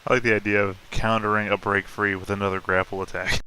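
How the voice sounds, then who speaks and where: A man's voice: on the low side, flat delivery, quick pace, sharp tone, a little hiss or hum, rough recording. A man playing a tabletop role-playing game, matter-of-fact with dry humor. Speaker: player. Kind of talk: casual chat at a game table.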